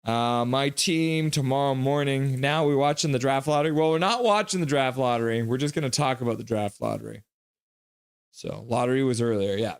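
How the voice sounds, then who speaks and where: A young man runs a live hockey reaction stream, excitable and joking as he reads his chat. His voice sits at an ordinary pitch and is recorded dry and close on a desk mic. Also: brisk, clear, resonant tone, no echo.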